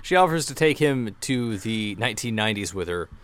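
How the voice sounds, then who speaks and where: A man co-hosting a podcast, a little drunk, recapping a TV episode in an animated way and laughing mid-sentence. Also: on the low side, brisk, clean tone. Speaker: podcast co-host.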